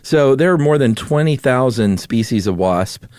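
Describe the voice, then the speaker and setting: A man's voice: medium pitch, lively intonation, moderate pace, a little mellow, no room sound, studio quality. A man co-hosting a podcast, explaining things in an easygoing way and laughing often. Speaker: podcast co-host. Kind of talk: casual chat.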